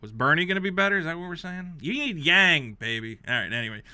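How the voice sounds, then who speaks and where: A man hosting a comedic reaction rant. He is exasperated and sarcastic, jumping between loud outbursts and low mutters. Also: very animated, fast, smooth, no room sound. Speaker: host reacting to a game console review.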